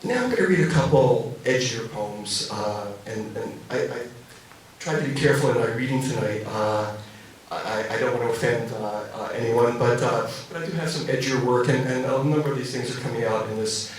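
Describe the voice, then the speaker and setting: A man reads his own poems to a cafe audience, his voice at a middling pitch. Between poems he stumbles through casual introductions, restarting and filling gaps with ums. He sits far from the microphone in a very roomy space, with faint room noise behind him. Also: normal speed. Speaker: poet reading his own work. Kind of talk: poetry reading with spoken introductions. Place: cafe reading venue. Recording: roomy echo from a distant mic.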